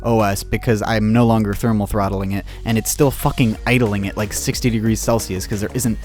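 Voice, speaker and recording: A man's voice: lowish voice, steady tone, a little fast, a little mellow, soft background music. A young man telling a story in a vlog, rambling, interrupting himself and swearing constantly, recorded in a basement. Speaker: YouTuber.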